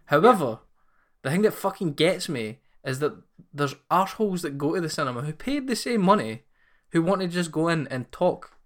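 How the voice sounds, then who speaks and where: A man's voice: fairly high pitch, sing-song, moderate pace. A man with a Scottish accent ranting in casual, sweary chat as a podcast co-host.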